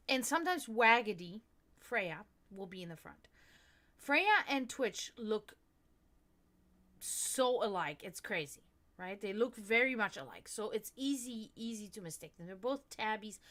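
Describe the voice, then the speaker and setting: A woman with a slightly high voice hosts her livestream in loose, casual chat. She rambles from one story to the next, swears freely and often breaks into laughter. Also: fairly bright tone. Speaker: livestream host.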